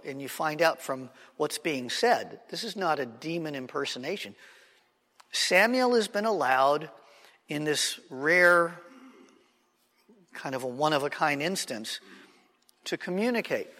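Bible teacher in a reverberant hall. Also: male voice, on the high side, expressive, unhurried, pushed and bright. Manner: checks in with the class, frequent "right?".

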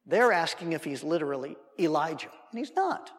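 A man's voice: a little high, very animated, normal speed, hardly any pauses. A male preacher teaching verse by verse through a Bible passage, acting out the dialogue and adding humorous asides. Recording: long reverb in a hall.

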